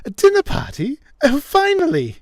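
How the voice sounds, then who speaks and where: A man's voice: very high-pitched, wildly swooping pitch, normal speed, dry recording, voice pushed up, exaggerated voice. A man voicing a gushing, party-loving townsperson in a game, squealing with joy. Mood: thrilled. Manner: squealing, overjoyed.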